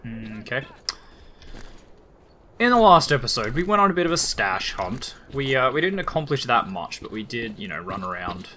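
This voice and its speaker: Aussie male let's-player, animated and bright, chatty and a bit sweary. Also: mid-range voice, moderate pace, a little hiss or hum. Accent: Australian. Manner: chatty, rambling, casually profane. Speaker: let's play gamer. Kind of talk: casual gameplay commentary.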